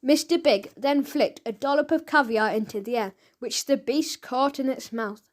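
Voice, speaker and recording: A woman narrating a children's audiobook in a lively, expressive storytelling manner. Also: high-pitched, moderate pace.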